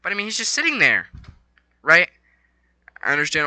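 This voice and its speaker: A young man rambling casually about a fight night, excitable and slangy, swinging between low mumbles and loud bursts. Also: moderate pace, long pauses, no room sound, low-quality recording. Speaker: vlogger.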